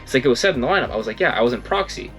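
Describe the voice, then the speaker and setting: A young man races through a casual story in a mid-range voice, faint music in the background. As a vlogger he rambles, catches and corrects himself, and acts out others' words with energy.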